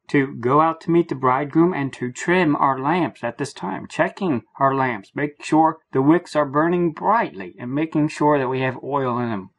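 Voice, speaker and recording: A man giving an earnest Bible teaching, slow and emphatic, repeating his phrases for weight. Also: fairly high pitch, gravelly, breathy edge. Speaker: preacher.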